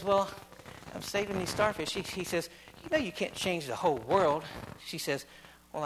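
High-voiced man preaching a sermon. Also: poor audio. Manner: repetitive, building, swings from hushed to loud.

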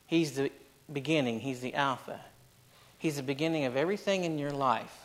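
A man's voice: medium pitch, a little fast. A middle-aged man preaching a sermon to his church, emphatic and repetitive, with many rhetorical questions. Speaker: pastor.

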